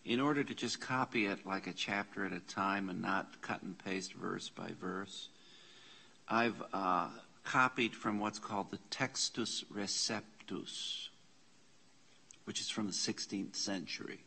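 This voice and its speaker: A man's voice: lowish voice, a little slow, gravelly, sharp tone, husky. A man teaching a classroom lesson on Bible Greek in a church classroom, patiently spelling out letters and parsing words aloud.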